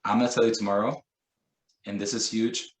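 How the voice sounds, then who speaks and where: A man leads a training session for teachers, speaking in a relaxed, conversational way. He keeps turning to everyday examples and acts out short quoted lines. His voice sits a little low, and the room adds a clear echo. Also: fairly quick. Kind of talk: professional development lesson.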